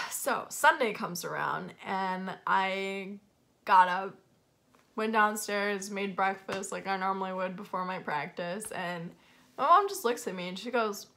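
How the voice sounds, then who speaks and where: A woman's voice: medium pitch, a little slow, vocal fry, sharp tone, a little hiss or hum. A young woman casually telling a personal story in a vlog, candid and confessional, with frequent "like" fillers. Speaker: vlogger.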